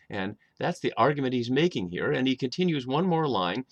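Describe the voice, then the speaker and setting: A male Bible teacher explains the text at a measured pace. His voice sits at a middle pitch, and he often pauses with small hesitations as he thinks. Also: animated. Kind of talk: video Bible lesson.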